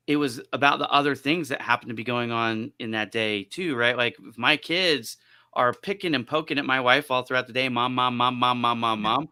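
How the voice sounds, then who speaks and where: Bright, joking male panel host. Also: medium pitch, clear, resonant tone. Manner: joking, animated storytelling with quoted voices. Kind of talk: casual panel discussion.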